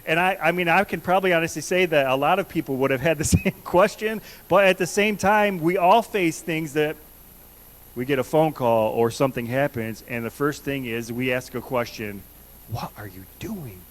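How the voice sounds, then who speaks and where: A man's voice: fairly high pitch, normal speed, poor audio. Earnest man preaching a sermon. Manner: earnest, conversational, repeats questions to the congregation. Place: church sanctuary.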